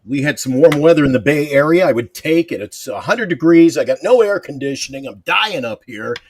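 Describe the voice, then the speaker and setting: A man's voice: a little high, animated, fairly quick, a little hiss or hum. A man panelist on a sports talk show, ranting in an exasperated, rambling way with restarts, calling in from a hot room. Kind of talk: animated sports fan rant.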